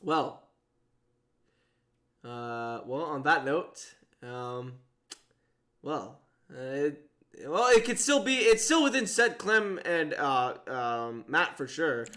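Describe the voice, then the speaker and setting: A young man commentating live on an online mafia game he is playing, excitable and full of disbelief, thinking out loud. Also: fairly high pitch, takes it slowly, long pauses.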